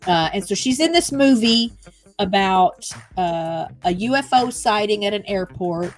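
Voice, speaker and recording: A woman's voice: mid-range voice, lively intonation, unhurried, soft background music. Chatty woman hosting a livestream. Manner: chatty, rambling, reads viewer comments and news aloud. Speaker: livestream host. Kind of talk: casual chat.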